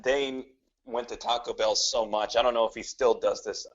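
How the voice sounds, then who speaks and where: A man's voice: mid-range voice, steady tone, normal speed. A man from a band chatting casually and teasing his bandmate on a livestream. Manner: teasing, playful. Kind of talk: casual chat. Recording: dull lo-fi audio.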